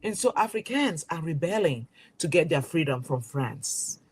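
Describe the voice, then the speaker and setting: A woman's voice: sits low, animated, moderate pace, darkish tone, breathy edge. A woman from Cameroon, a magazine publisher, speaking as an interview guest with emphatic rhetorical questions and frequent restarts. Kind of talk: impassioned interview talk.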